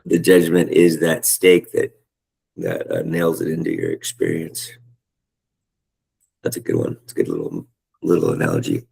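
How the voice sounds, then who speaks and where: Deep husky-voiced man, gravelly, rambling. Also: moderate pace, long pauses, low-quality recording. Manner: animated, rambling, searching for words. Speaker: spiritual study group leader. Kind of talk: casual group discussion.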